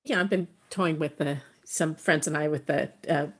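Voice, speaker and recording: A woman's voice: low-pitched, normal speed, slightly rough. A woman co-hosting a podcast, teasing and easygoing. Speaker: podcast co-host. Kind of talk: casual podcast chat.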